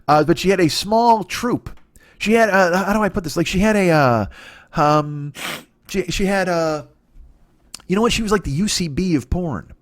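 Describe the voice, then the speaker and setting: A man in his forties hosting a solo comedy podcast, rambling and crude, breaking off his own sentences and slipping into quick voices. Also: high voice, animated, no echo. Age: 40s. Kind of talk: solo comic monologue.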